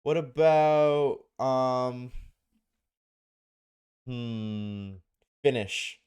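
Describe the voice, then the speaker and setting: A man's voice: medium pitch, drawn-out words, a little mellow, clear, resonant tone. A man streaming live, chatting casually and joking with his viewers, often laughing.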